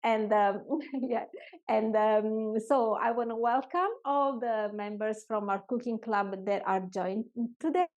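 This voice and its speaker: A woman's voice: fairly high pitch, slow. Chatty Italian woman teaching cooking. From Italy. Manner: warm, chatty, laughs often, searches for English words. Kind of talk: live online cooking class. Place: home kitchen.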